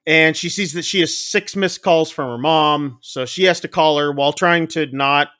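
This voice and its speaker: A man co-hosting a casual podcast, rambling through a movie recap and acting out characters' lines in quick voices. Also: a little high, steady tone, sharp tone. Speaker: podcast co-host.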